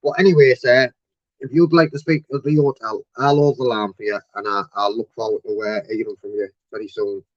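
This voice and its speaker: A man's voice: lowish voice, little pitch movement, a little fast, dry recording. A man, complaining on a live-streamed phone call to customer service, chatty and mock-polite.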